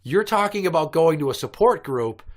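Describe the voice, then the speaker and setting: A man's voice: a little high, lively intonation, moderate pace. A man co-hosting a podcast, talking bluntly and profanely in casual chat and getting heated as he tells stories. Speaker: podcast co-host.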